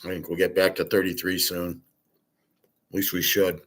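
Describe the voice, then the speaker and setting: A man with a low-sitting voice hosts a casual monologue, level in tone and at normal speed. Blunt and opinionated, he swears freely, rambles with fillers, and trails off quietly.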